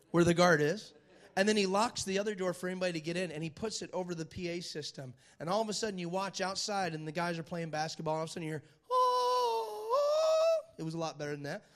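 High-voiced, animated male preacher. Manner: animated, dramatic storyteller who asks the crowd for agreement; repeats phrases for emphasis. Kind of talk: sermon with a retold film story.

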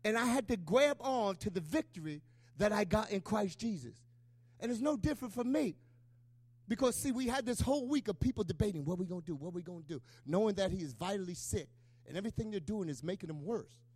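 Middle-aged male pastor, very high-pitched, emotional conversational sermon delivery, dry close recording. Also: animated, brisk, a little mellow, dry recording. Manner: emotional, conversational preaching with call-and-response asides.

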